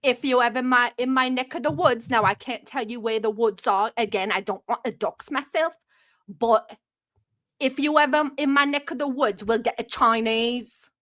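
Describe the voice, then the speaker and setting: A woman's voice: a little high, moderate pace, fairly bright tone, lightly acted. A woman livestream host putting on a brash, chatty British persona with a put-on British accent, blunt and slangy. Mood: cheeky. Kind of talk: live stream chat.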